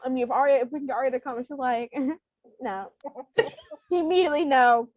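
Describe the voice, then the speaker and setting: A woman's voice: high voice, fast talker, no room sound. A young woman co-hosting a podcast in casual chat, emotional, pleading and laughing, swearing freely. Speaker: podcast co-host. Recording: dry, dull lo-fi sound.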